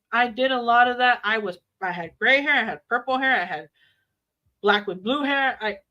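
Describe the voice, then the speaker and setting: A middle-aged woman talks straight to her live stream viewers. She is blunt and defiant and swears freely. Her voice sits a little high and sounds bright and forceful. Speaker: livestreamer. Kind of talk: casual live stream chat.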